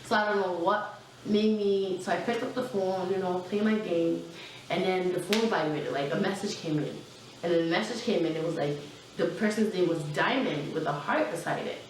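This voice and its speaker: A woman's voice: lowish voice, moderate pace, distant mic, slight background noise. Chatty young woman, echoey room. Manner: chatty, animated, lots of fillers. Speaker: vlogger. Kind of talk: casual storytime. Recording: very echoey room, mic set back.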